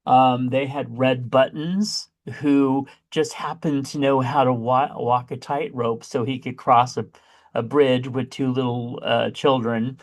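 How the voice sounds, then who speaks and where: A man co-hosting a podcast, chatting casually about a movie with big excited jumps in pitch when he exclaims. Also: unhurried. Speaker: podcast co-host. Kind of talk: casual chat reviewing a movie.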